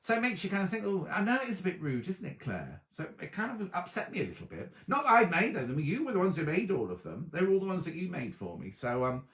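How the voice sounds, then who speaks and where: A man's voice: high voice, fast talker, hardly any pauses, roomy sound. A man hosting a sewing livestream from home, chatting casually and reading out viewer comments. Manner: chatty, lively, reacts to live comments. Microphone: laptop or tablet on a video stream.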